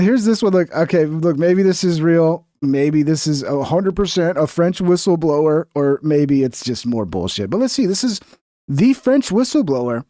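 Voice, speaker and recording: A man's voice: on the high side, mellow, no room sound, clean studio sound. A man streaming reaction commentary in a sarcastic, profane, mocking rant.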